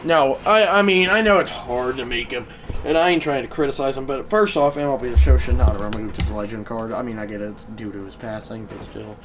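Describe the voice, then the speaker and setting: A man livestreaming a baseball video game, chatting to viewers and shouting when big hits land. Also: medium pitch, a little fast, a crowd in the background. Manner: excitable, swings from mumbled asides to shouted play calls. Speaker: gaming livestreamer. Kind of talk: live gameplay commentary.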